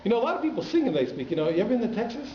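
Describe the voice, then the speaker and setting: A high-voiced man, a rabbi, fires off his words rapidly and with great animation during a casual Torah class, chatting with the congregation and teasing them along the way. Recorded in a synagogue hall, the audio is echoey and slightly muffled, carrying a little hiss or hum.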